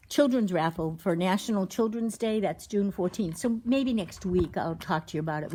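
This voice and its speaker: A woman hosting an animal rescue livestream, reading a children's story aloud with a gentle, chatty delivery. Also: medium pitch.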